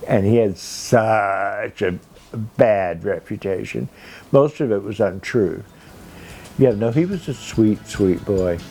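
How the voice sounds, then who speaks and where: A man's voice: on the low side, takes it slowly, mellow. A man in his sixties from Kentucky, telling fond, gossipy stories to a live audience at an exhibition launch and calling people darling. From Kentucky, USA. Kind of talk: anecdotal storytelling talk.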